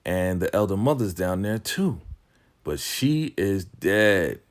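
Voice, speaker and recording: A man giving a casual, animated recap of a TV episode, talking slangy and laughing as he retells the scenes. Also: low-pitched, slow. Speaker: TV recap vlogger.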